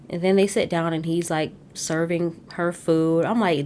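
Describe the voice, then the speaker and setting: A low-pitched woman recaps in a casual, sassy podcast chat. She is blunt and opinionated, with slangy asides and quick laughs. A faint rumble sits under her voice. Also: fairly even intonation, darkish tone. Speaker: podcast host recapping a reality show.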